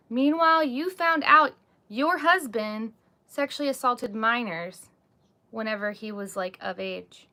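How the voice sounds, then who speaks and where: A woman's voice: a little high, moderate pace, bright, forceful tone. A woman hosting a casual live stream, chatting openly and reading out viewer comments, with frequent "like" and "um" fillers. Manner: candid, talks with many "like" and "um" fillers. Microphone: phone or webcam, live stream.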